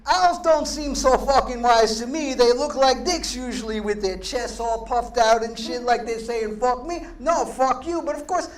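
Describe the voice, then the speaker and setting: A man's voice: very high-pitched, normal speed, hardly any pauses. A man putting on a crude Long Island Italian accent to voice a swearing male nature poet who rants in a blustering, profane way, performed live in a gallery. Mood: ranting. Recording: echoey room, distant mic, faint noise.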